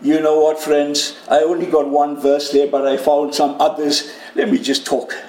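Male preacher, high voice, unhurried delivery, bursts of loud emotion, echoey church hall. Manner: animated, cries out quoted prayers loudly; jokes with the congregation and home viewers. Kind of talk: sermon. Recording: roomy hall with faint ambience.

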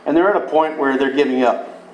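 A man's voice: mid-range voice, brisk, a little hiss or hum. A man preaching a sermon, retelling scripture in a folksy, conversational storytelling way. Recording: echoey room.

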